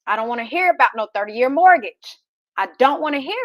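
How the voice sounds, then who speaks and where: A woman's voice: high voice, lively intonation, brisk, dry recording. A woman in her thirties, a real estate host, giving a fired-up motivational talk full of rhetorical questions.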